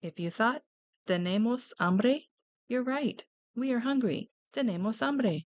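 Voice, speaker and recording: A woman teaching a beginner Spanish lesson for children, gently asking questions about pictured characters. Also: on the high side, animated, unhurried, no room sound.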